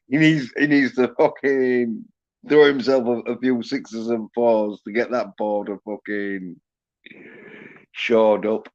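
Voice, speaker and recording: Slow, swearing man ranting. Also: mid-range voice, darkish tone, muffled recording. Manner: profane, boastful, laughs at own jokes. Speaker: livestream host. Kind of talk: rambling livestream rant.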